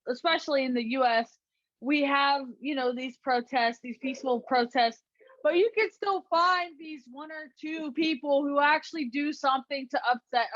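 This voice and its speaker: A woman's voice: high-pitched, a bit bright, no room sound, muffled recording. A woman co-hosting a casual podcast, chatting and reacting with exclamations. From United States. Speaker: co-host.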